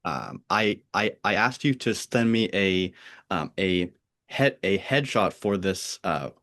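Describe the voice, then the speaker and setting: An American man with a flat Pennsylvania-Oregon accent, hosting a podcast in casual, halting chat with frequent restarts and laughs. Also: deep voice. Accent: General American. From United States (Pennsylvania, Oregon). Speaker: podcast host.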